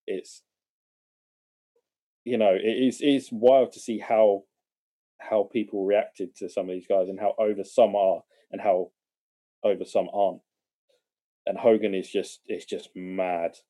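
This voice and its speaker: Male podcast co-host, low warm voice, easygoing and hesitant delivery. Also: measured pace, long pauses. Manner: relaxed, hesitant, with fillers. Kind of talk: casual chat.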